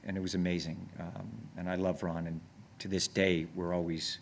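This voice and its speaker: Lower-voiced man telling rambling stories. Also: moderate pace, creaky, slight background noise. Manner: rambling anecdotes with many restarts; grows excited and laughs when telling stories. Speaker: actor guest. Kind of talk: casual on-stage conversation. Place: on stage before an audience.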